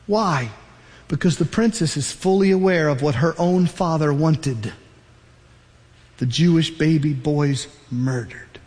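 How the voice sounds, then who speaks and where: A man preaching a sermon, retelling a Bible story as an animated storyteller. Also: on the high side, measured pace, in a large hall. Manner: animated storyteller, acts out the characters.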